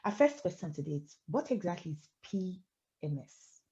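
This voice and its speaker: A woman's voice: lowish voice, big pitch swings, normal speed, dark tone, lo-fi sound. A woman in her forties hosting an interview, chatty and playful, teasing her guest. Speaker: host.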